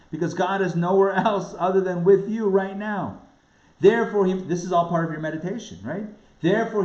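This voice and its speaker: Animated rabbi teaching in a roomy hall. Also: male voice, high voice. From New York area. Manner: animated, emphatic, repeats words for stress. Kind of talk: lively lecture on a spiritual text. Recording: roomy, dull lo-fi sound.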